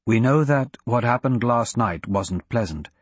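A man plays an ancient wizard who speaks slowly, calm and blunt. The voice is husky and grave, rising and dropping over a wide range. It is a close, dry storybook reading. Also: mid-range voice, dry recording. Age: older. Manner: measured, grave.

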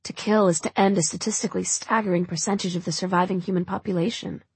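A woman narrating a first-person audiobook in a measured, somber manner. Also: on the low side, vocal fry, darkish tone, slightly rough, no echo.

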